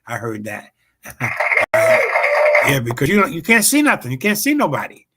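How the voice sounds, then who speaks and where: A man's voice: mid-range voice, wildly swooping pitch, fast, pushed and bright, faint music behind. A comedian hosting his own show tells a rambling, profane story full of fillers and repeated "bam, bam". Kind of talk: casual storytelling on a livestream show.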